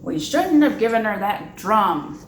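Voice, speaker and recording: A woman's voice: mid-range voice, big pitch swings, measured pace. A woman voicing a worried frog father in a storybook reading, firm and anxious, in an echoey, noisy room. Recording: echoey room with background noise.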